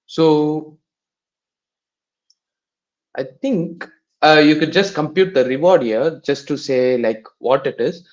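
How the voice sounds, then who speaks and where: Halting man explaining over a muffled call. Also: fairly high pitch. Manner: halting, filler-heavy explanation with restarts. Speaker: paper reading session presenter. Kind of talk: explaining a research paper in a live online session.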